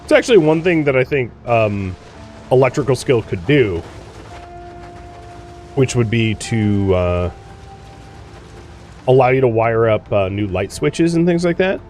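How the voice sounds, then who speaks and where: A man's voice: mid-range voice, expressive, unhurried, pauses often, darkish tone, soft background music. A man hosting a let's play, chatting casually through gameplay, exclaiming and grumbling at the game.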